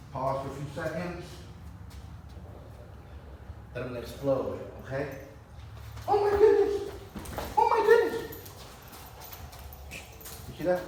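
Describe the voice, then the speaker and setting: A man demonstrating dog training and calmly explaining each step, with sudden high-pitched bursts of excited praise. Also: a little hiss or hum. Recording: echoey, distant camera mic.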